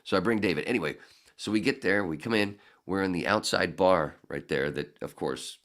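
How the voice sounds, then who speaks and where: A man as a podcast guest, telling animated, profane anecdotes in a casual, laughing way. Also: sits low, brisk. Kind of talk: casual storytelling.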